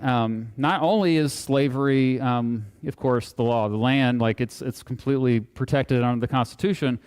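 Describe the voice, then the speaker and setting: A man giving a live public lecture to an audience, casual and animated, joking and making asides as he talks. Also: mid-range voice, clear, resonant tone. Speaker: guest speaker. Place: hall, talking to a live audience. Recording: long hall reverb.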